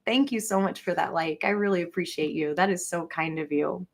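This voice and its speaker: A woman in her forties talking to her viewers in a rambling, casual monologue, halting often and filling her speech with "like". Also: lowish voice. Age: 40s. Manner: halting, heavy with "like" fillers.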